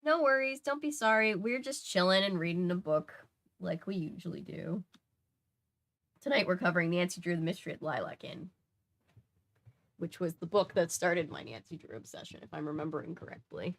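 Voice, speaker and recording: A woman's voice: lowish voice, normal speed. A young woman reading a mystery novel aloud on a casual stream, adding chatty asides and correcting her own slips as she goes. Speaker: host reading a book aloud. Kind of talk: casual read-aloud livestream.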